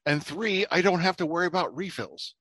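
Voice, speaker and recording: A man's voice: high voice, animated, brisk, fairly bright tone, no room sound. A man co-hosting a podcast in casual chat, joking and rambling with frequent laughs. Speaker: podcast co-host.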